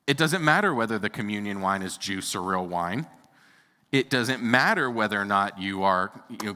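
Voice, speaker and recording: A man, a pastor, preaching a sermon, lively, with his voice jumping up when he acts out what others say. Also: mid-range voice. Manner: animated, voice jumps up when acting out quoted speech. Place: church sanctuary. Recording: long reverb of a church hall.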